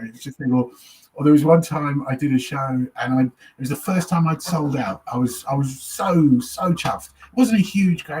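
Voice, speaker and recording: There's slight background noise as a comedian guest, his voice fairly high and darkish, spins anecdotes in relaxed conversation. He swears freely and performs the voices of others, including audience members.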